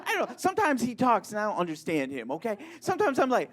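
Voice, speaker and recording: A man from Michigan doing a live stand-up set, flamboyant and self-mocking, jumping between squeaky bits and mumbled asides. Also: wildly swooping pitch, fast talker, few pauses. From Michigan, USA. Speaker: stand-up comedian.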